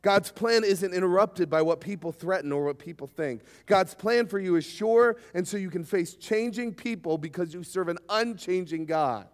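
A man preaching a sermon, emphatic and lively, sometimes acting out short quoted voices. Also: high voice, moderate pace, hardly any pauses. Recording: hall reverb.

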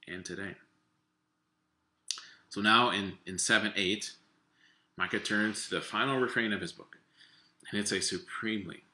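A man's voice: lowish voice, sharp tone, roomy sound. A male pastor reading scripture and preaching a sermon, repeating his key points for emphasis. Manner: reads scripture, then preaches with numbered points and repetition.

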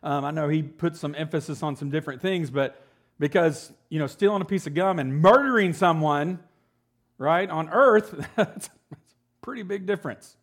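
A man's voice: on the high side, moderate pace. A man in his forties giving a casual, joking sermon as pastor, often checking in with the congregation. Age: 40s. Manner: conversational, joking, asks "right?" often.

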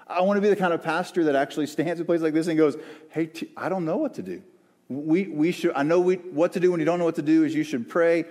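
A man preaching a sermon as the church's pastor, earnest and searching, with pauses and restarts. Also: fairly high pitch, fairly even intonation, a little mellow. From American South. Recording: long hall reverb.

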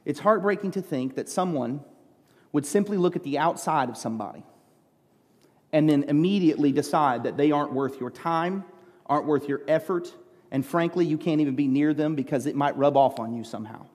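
A middle-aged male pastor preaches in a church sanctuary, his slightly high voice carrying a long reverb tail. He talks earnestly and haltingly, often restarting his sentences as he tells a story. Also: darkish tone. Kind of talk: sermon with a personal story.

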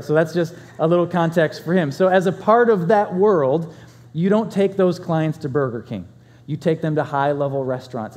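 Pastor, male, conversational sermon storyteller, loudness swings; slightly high voice, reverberant church hall.

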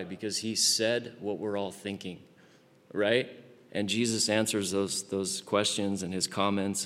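Man preaching, fairly low voice, conversational, animated, long hall reverb. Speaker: pastor. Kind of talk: sermon.

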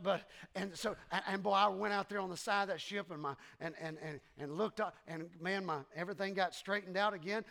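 Preacher guy in church, high-ish voice, lots of back-and-forth with the crowd. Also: gravelly. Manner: animated, repeats words, leads congregation call-and-response. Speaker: pastor. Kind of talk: sermon. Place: church sanctuary.

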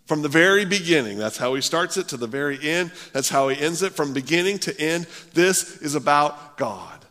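A man's voice: fairly high pitch, animated, normal speed, hardly any pauses, pushed and bright. A male pastor preaching a sermon, earnest and emphatic, stressing key words. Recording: long reverb of a large hall.

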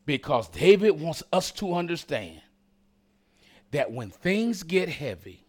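A man's voice: mid-range voice, very animated, a little slow. A man preaching a sermon as pastor, addressing the congregation directly with rising intensity and call-and-response asides.

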